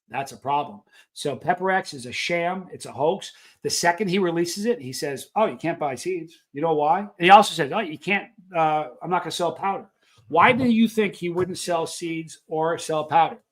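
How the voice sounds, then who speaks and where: A high-pitched man talks to his live-stream viewers in a loose, unscripted rant. He is emphatic and opinionated, pressing each point hard and asking the audience questions.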